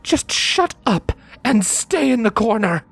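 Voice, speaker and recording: A man voicing a furious, volatile female unicorn who snarls and shouts her lines. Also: extremely high pitch, sing-song, slow, vocal fry, pitched above the performer's own voice, heavily acted. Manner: snarling, shouting, spitting words.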